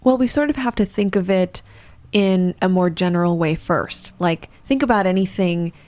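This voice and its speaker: A psychologist co-hosting a podcast talks in a thoughtful, explanatory way. Her voice sits a little low for a woman. She pauses on fillers as she reasons things out. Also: a little mellow. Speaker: psychologist co-host. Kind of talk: podcast discussion.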